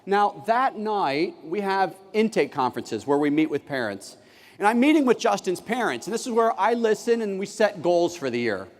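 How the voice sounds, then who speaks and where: In a large, reverberant conference hall, a man with a high voice tells stories during a keynote at normal speed. A former teacher, he is animated and acts out classroom dialogue.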